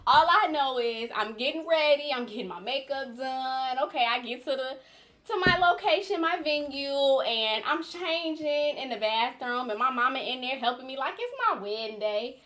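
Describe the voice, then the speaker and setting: A woman in her thirties hosts a casual podcast chat, telling stories with lots of energy. Her voice sits a little high, and she acts out what people said in a bright, rising voice. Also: normal speed. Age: 30s. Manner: lively storyteller, acts out quotes in a high voice. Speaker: podcast host.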